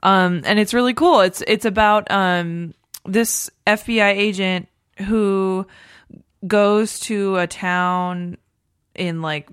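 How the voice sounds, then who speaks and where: Woman, low-pitched, podcast co-host, casual rambling chat, dry close sound. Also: fairly bright tone, smooth, no echo. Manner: chatty, rambling with many fillers.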